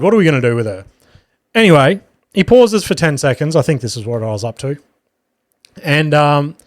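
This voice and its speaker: A man's voice: mid-range voice, no room sound, clean studio sound. A man with an Australian accent hosting a podcast, telling a casual anecdote and swearing as he quotes people. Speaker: podcast host. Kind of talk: casual storytelling. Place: podcast studio.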